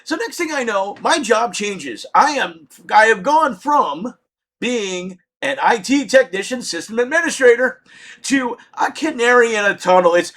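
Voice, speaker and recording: A middle-aged man telling a comedic story with lots of swearing, shouting out his punchlines. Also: very high voice, sing-song, unhurried.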